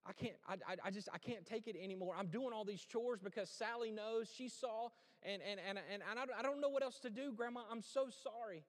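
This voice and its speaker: A man voicing a guilty, tearful young boy who confesses in halting, stammering pleas. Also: high voice, long reverb tail, pitched above the performer's own voice, close to an everyday voice.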